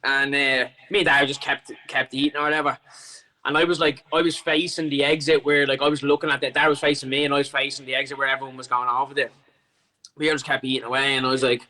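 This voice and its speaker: Irish man, podcast guest, bright forceful voice, rambling casual story, swears a lot. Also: mid-range voice, little pitch movement, quick pace, rough recording. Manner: rambling, swears freely, many restarts.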